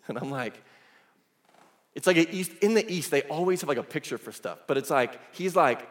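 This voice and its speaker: A male pastor delivering a sermon, telling the story in a lively, casual way with asides. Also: mid-range voice, measured pace. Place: church sanctuary. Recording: echoey church hall.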